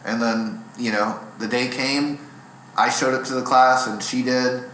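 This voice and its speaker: A young man, a stand-up comic, talks through long, rambling, self-deprecating stories in a relaxed interview. His voice has a sharp, bright edge, and it rings around an echoey room with a faint hiss behind it. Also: medium pitch, a little slow. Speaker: stand-up comedian, guest. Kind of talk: casual interview storytelling.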